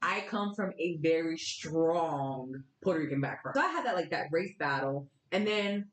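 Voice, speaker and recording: Podcast guest: young woman from Florida, lowish voice, chatty and blunt, recorded in an echoey room. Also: moderate pace. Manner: animated, candid storytelling with casual swearing. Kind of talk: casual chat.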